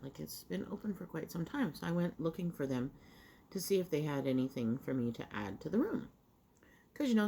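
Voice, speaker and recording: A woman's voice: extremely low pitch, a little mellow. A middle-aged woman, chatting casually over breakfast, rambling through a story with many fillers and restarts while she eats. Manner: talks while eating. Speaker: vlogger.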